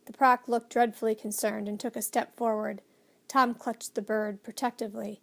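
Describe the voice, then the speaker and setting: High-voiced woman narrating a storybook. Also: little pitch movement, normal speed, vocal fry. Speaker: audiobook narrator.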